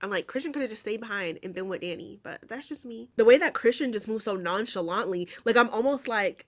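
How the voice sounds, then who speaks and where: A woman's voice: mid-range voice, animated, fairly quick. A young woman recapping a movie in casual, blunt, profane commentary with plenty of sass.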